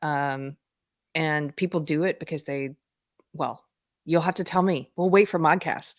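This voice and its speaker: Low-voiced chatty woman hosting a live show. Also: a little slow, no echo, clean studio sound. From United States. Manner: chatty, laughs often, sly asides. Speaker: host. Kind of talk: live-stream talk show chat.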